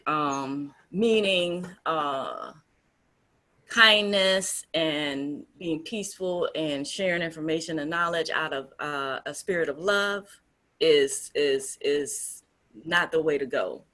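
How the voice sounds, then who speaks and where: A woman's voice: deep voice, slow pace, sharp tone. A woman co-hosting a casual discussion, talking in an earnest, emphatic way with frequent restarts. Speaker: group founder and co-host.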